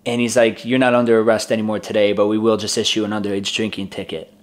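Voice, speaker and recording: A man's voice: fairly low pitch, little pitch movement, fast talker. Chatty young man telling a story. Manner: chatty, laughs often, acts out quoted voices. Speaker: vlogger. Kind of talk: casual personal storytelling.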